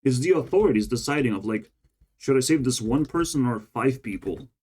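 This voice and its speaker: A man's voice: medium pitch, animated, a little fast, a little mellow. Brief: man, run down, rambling vlog monologue, exasperated and profane, mid-range voice. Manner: frustrated, profane ranting. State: tired and run down. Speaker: vlogger. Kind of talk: casual rambling monologue to camera.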